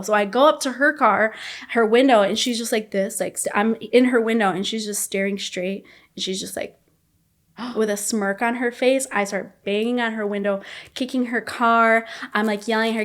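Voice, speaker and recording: A young woman with a fairly high voice tells her story as a podcast guest. She is blunt, swears freely and gets heated as she recounts what happened. She talks candidly. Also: fairly even intonation, moderate pace.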